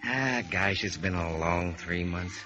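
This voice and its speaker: A man's voice: deep voice, slow pace, sharp tone, exaggerated voice. A young man playing an eager, lovesick sailor on leave, pleading with his girl in an old radio drama. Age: young adult. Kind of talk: 1940s radio acting. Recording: dull old radio recording.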